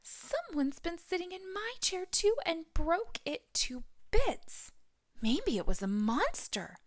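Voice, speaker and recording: A tiny, excitable boy bear cub from a storybook squeals his lines in a high, bright voice that jumps far above a normal speaking voice, as a woman reads him aloud. He sounds wide-eyed and breathless, and his delivery is slow and drawn out. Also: no room sound, heavily acted. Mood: worried.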